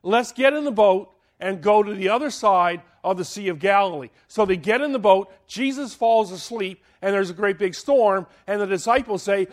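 A man preaching a sermon, dramatic, swinging from loud to hushed and asking the listeners questions. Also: high-pitched, normal speed, hardly any pauses.

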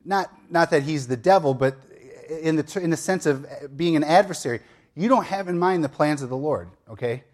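A man's voice: fairly high pitch, moderate pace, darkish tone. Conversational male pastor preaching. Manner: conversational storytelling with asides and light humor. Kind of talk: sermon.

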